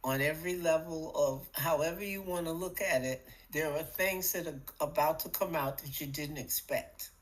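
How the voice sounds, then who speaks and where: A middle-aged woman co-hosting a podcast, talking casually about spiritual matters in an animated, playful way that acts out little voices. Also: low voice, normal speed, hardly any pauses, rough recording. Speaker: podcast co-host.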